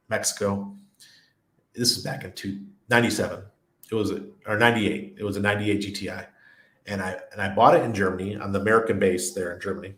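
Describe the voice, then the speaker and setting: Male streamer, middle-aged, low voice, rambly and laughing, echoey room. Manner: rambling anecdotes, laughs often. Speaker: crypto livestream host. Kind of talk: casual livestream chat, reading viewer comments. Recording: roomy echo.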